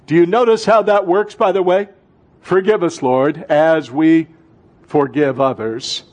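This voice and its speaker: A male pastor preaching a sermon, swinging between loud fervent bursts and soft, hushed passages, calling out to his congregation. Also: fairly high pitch, steady tone, unhurried. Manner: calls out to the congregation.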